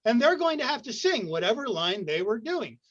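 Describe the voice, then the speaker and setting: A man's voice: very high-pitched, very animated, a little fast, a bit bright. A man hosting an online improv show, joking and rambling playfully. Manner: jokey, rambling. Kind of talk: playful show hosting over video call. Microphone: video call. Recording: muffled lo-fi video call audio.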